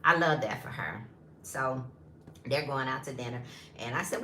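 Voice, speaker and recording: Chatty woman in her fifties, bright voice. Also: extremely low pitch, normal speed, echoey room, a little hiss or hum. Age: 50s. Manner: chatty and animated, addresses viewers as y'all. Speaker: lifestyle vlogger. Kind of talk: casual storytelling vlog.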